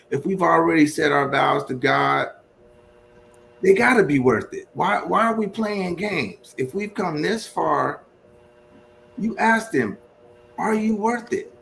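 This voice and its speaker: A man's voice: fairly high pitch, vocal fry, a bit bright, a little hiss or hum, low-quality recording. A man sharing earnest, faith-based marriage advice as a guest on a podcast.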